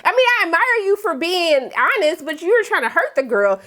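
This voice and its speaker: Animated high-voiced woman recapping TV. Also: brisk, hardly any pauses. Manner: animated, acts out characters with exaggerated reactions. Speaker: TV recap host. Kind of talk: casual TV recap.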